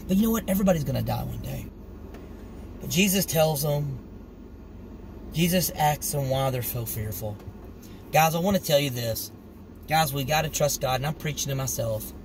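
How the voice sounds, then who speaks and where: A man's voice: mid-range voice, noisy background. A middle-aged man preaching informally on scripture, earnest and conversational, acting out the story with animation. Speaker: street preacher.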